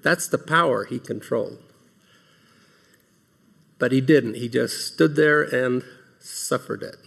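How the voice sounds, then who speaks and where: In the opening remarks of an earnest devotional talk to many listeners, a man reads scripture aloud and asks rhetorical questions. His medium-pitched voice is slow, gravelly, husky and fairly bright.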